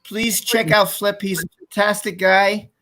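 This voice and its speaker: A man hosting a casual live stream, telling stories in an excited, rambling way and reading out viewer comments. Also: sits high, a little slow.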